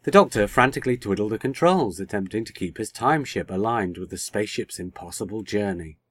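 A man reading a short story aloud as a podcast host, in a steady, measured way. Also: on the low side. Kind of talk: scripted narration.

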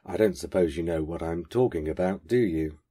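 A man reading aloud, putting on an eccentric, posh male stranger who rattles off rapid, clipped questions and answers them himself. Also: sits low, mellow, breathy edge. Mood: brisk.

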